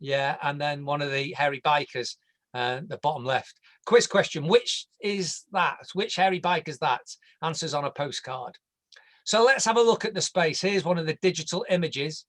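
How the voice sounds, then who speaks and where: An English man walks viewers through a landscape design in an online presentation. His voice sits somewhat high for a man. He keeps it casual and jokey, and now and then trips over a word. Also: normal speed, fairly bright tone. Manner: jokey, conversational, stumbles over words.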